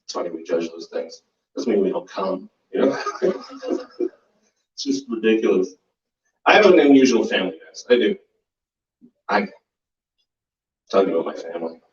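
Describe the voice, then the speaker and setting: A man's voice: low-pitched, very animated, normal speed, pauses often. A man in his forties doing a profane stand-up set, with laugh and voice impressions. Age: 40s. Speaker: stand-up comedian. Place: small comedy club basement. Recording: roomy, distant, muffled live recording.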